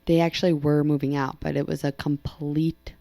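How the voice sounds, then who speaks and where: A woman's voice: deep voice, level tone, normal speed, creaky, mellow, no echo. A woman in her thirties, a real estate agent co-hosting a podcast, chatting casually and jumping in with reactions. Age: 30s. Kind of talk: casual chat.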